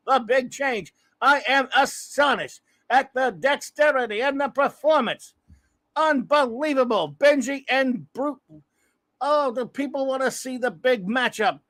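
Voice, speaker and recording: A man's voice: very high-pitched, unhurried, a bit bright, pitched above the performer's own voice. A man doing a breathless old-school sports announcer. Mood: astonished. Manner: breathless, exclamatory play-by-play. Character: excitable male sports announcer calling a race.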